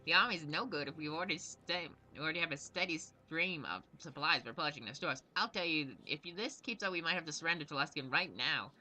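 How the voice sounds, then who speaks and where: Boastful harried gnome knight, put on by a man, brash, impatient, sharp bright tone. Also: a little high, quick pace, hardly any pauses, voice pushed up.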